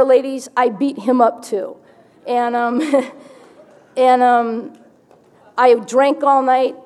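A woman's voice: on the high side, a little mellow. A woman giving a candid personal testimony at a recovery meeting, telling her story vividly with wry humor.

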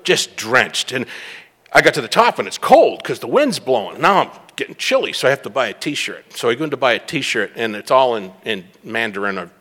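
A man's voice: medium pitch, big pitch swings, a little fast, fairly bright tone, in a large hall. A middle-aged man from the Boston area giving a rambling, self-mocking personal talk at a recovery meeting.

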